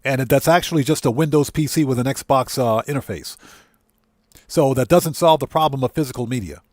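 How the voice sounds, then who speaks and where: A man's voice: mid-range voice, fairly quick, darkish tone, dry recording, studio quality. A man hosting a livestream, ranting indignantly and greeting chatters by name. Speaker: livestream host.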